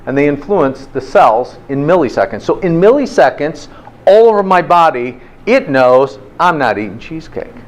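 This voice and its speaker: A man's voice: fairly high pitch, big pitch swings, moderate pace. A man teaching a health class in an informal, interactive way, often checking in with "okay?". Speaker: health instructor.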